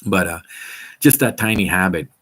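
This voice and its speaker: A middle-aged man with a very low voice talks casually and eagerly to his viewers. He rambles, stacks fillers and restarts his sentences, but keeps an easy, upbeat flow. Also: moderate pace, a bit bright. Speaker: fitness vlogger. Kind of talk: casual chat to camera.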